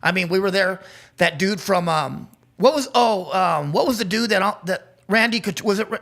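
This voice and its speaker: Man co-host, high, gravelly, bright voice, rambling, laughing storyteller. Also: expressive, moderate pace. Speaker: podcast co-host. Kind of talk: casual storytelling chat.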